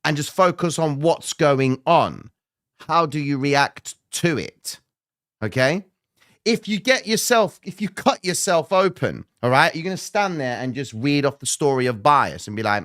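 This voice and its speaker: A male trading show host answering questions in a blunt, swearing rant that jumps from low muttering to loud outbursts. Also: lively intonation, a little slow, no echo, studio quality. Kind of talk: live trading Q&A, animated rant.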